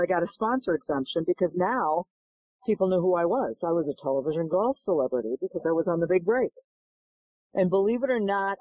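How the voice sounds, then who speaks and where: A middle-aged woman, a golf instructor and podcast guest, tells animated stories and acts out the dialogue. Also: lowish voice, no echo. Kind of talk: storytelling in a podcast interview. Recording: tinny phone-like line, dry.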